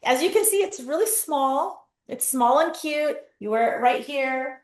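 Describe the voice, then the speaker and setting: A woman guest telling stories in a casual interview over a video call, acting out her own quotes with lively energy. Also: high-pitched, a little slow. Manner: animated storyteller, acts out her own quotes. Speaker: guest, company founder. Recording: roomy echoey sound.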